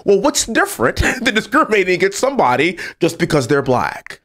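Emphatic man with a lively pitch. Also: brisk. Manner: emphatic, building to indignant peaks. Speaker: congressman guest. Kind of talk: political talk show discussion.

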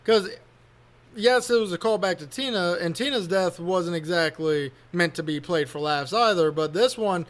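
A man's voice: sits high, normal speed, fairly bright tone. A man co-hosting a casual movie podcast, recapping the plot step by step. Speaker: podcast co-host.

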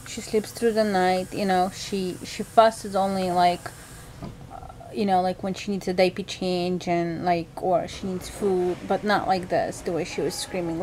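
A woman's voice: mid-range voice, a little mellow, slight background noise, rough recording. A tired woman talking casually to her viewers at home about her sick baby, rambling and chatty. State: tired, unwell. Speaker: vlogger mother. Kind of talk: casual home vlog chat. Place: home at night.

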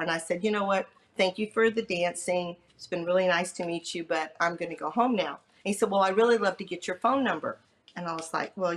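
Middle-aged woman, podcast guest, personal storytelling, lively, acts out dialogue, mid-pitched voice.

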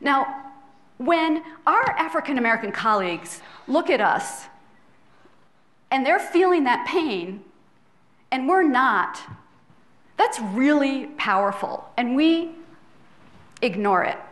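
A woman's voice: sits high, expressive, takes it slowly, pauses often, a bit bright. A middle-aged woman, a public health professor, giving an earnest, conversational lecture in a filmed hall, checking in with the audience as she goes. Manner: earnest, conversational, with tag questions. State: tearful at times.

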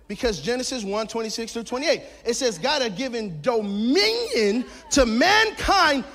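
A man pastor preaching a lively sermon, shouting his key points and mixing in jokes. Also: extremely high pitch, normal speed. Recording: long hall reverb.

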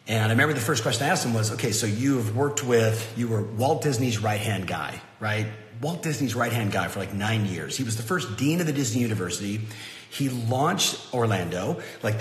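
Animated man with roomy echo. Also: mid-range voice, a little hiss or hum. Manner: animated, frequent fillers like "like" and "you know". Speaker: host. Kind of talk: casual motivational storytelling. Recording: roomy echo with long reverb, faint ambience.

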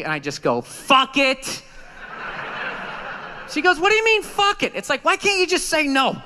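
A man's voice: very high-pitched, sing-song, moderate pace, pauses often, pushed and bright. A man doing a profane, ranting stand-up set on a club stage, acting out the voices in his stories. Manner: profane, ranting, acts out quotes. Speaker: stand-up comedian. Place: comedy club stage, live audience.

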